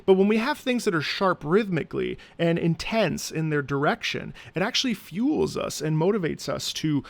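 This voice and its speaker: An opera singer, a man, giving animated, analytical commentary on a piece of music in a music reaction video. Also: a little high, moderate pace, vocal fry. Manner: animated and analytical, breaks into sung demonstrations.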